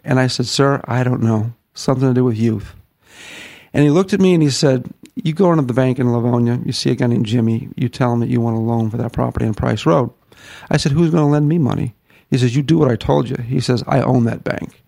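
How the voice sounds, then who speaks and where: A middle-aged man from the northern United States, a ministry founder telling his story in an interview, folksy and animated, acting out the quotes. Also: mid-range voice, quick pace, gravelly, no echo.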